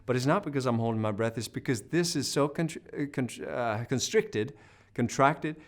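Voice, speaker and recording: A man teaching a singing lesson, coaching and demonstrating vocal sounds and sung notes, with encouraging talk. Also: medium pitch.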